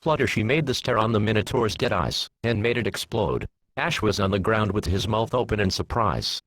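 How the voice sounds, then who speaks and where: Man, low and husky voice, lively delivery, fan story reader. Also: normal speed, low-quality recording. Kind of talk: reading a fan story aloud, voicing characters.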